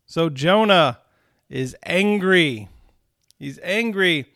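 Man, pastor type, slightly high voice, dry close sound, earnest conversational Bible teacher. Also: normal speed, fairly bright tone, no room sound. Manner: earnest, conversational teaching with frequent "right?" asides. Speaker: pastor leading Bible study. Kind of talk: recorded Bible study talk.

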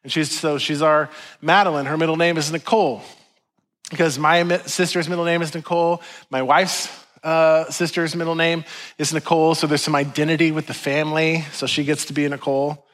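Male pastor, fairly high voice, laid-back and self-deprecating delivery, conversational sermon. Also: level tone, a little fast, a bit bright. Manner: chatty, self-deprecating, many "like"s and asides.

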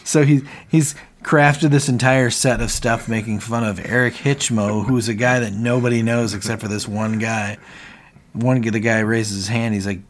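A man's voice: medium pitch, steady tone, moderate pace, slight background noise. A man co-hosting a casual podcast, retelling scenes animatedly with quoted lines and plenty of fillers. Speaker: podcast co-host. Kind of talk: casual recap chat.

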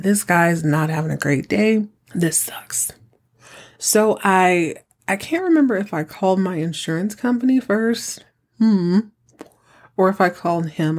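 A middle-aged woman hosting a podcast, telling a story in a chatty, animated way and acting out the dialogue. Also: fairly low pitch. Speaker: podcast host. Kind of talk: casual storytelling.

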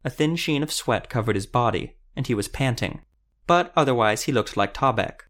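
This is a male narrator reading a fantasy audiobook at a moderate pace. He keeps his mid-range voice steady and even as he tells the story.

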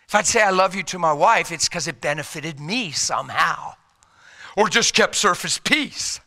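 Middle-aged male pastor, sharp bright tone, slightly high; folksy sermon, loud urgent pushes and hushed quiet stretches. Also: animated, moderate pace. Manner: swings between loud urgent exhortation and quiet intimate hush; folksy, plain-spoken preaching.

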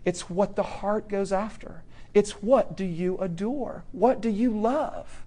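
A young man preaching a sermon, swinging from loud, emphatic questions to soft, hushed warnings. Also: high-pitched, slow.

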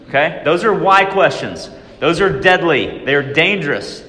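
A man giving a training talk to real estate agents in a large room, lively, often acting out worried inner voices. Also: on the high side, moderate pace, few pauses, roomy sound, long reverb tail, slight background noise.

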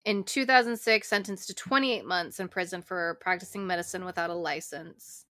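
Podcast cohost lady, bright punchy voice, blunt and offhand, super dry sound. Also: on the low side, steady tone, normal speed, no echo. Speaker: podcast co-host. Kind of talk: casual chat.

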